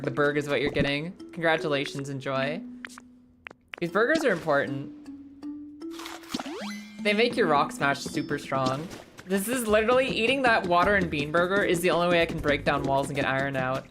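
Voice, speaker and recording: A woman with a low voice that swoops up and down all the time, talking through a game stream in a playful, joking way. She swears casually, greets her chat as she goes, and game music plays clearly behind her. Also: animated, a little fast. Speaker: livestreamer. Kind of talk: casual gameplay commentary to a live chat.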